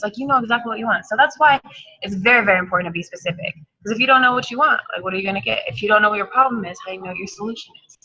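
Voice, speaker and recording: A woman's voice: a little high, bright, forceful tone, breathy edge, lo-fi sound. A woman giving an emphatic, hyped motivational talk on a team call, repeating her points. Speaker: team coach.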